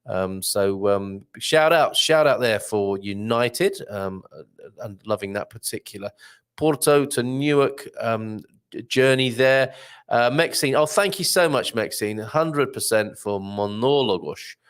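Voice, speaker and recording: This man's voice is unhurried, clear, and resonant as he hosts a casual live stream. He reads out viewer comments in a rambling, chatty way, his pitch lively and his speech full of fillers.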